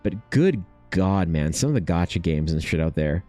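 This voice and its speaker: Man, art streamer, casual chat, mellow tone, faint music underneath. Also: sits low, expressive, normal speed, no echo. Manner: rambling, profane, self-mocking. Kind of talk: casual chat while drawing.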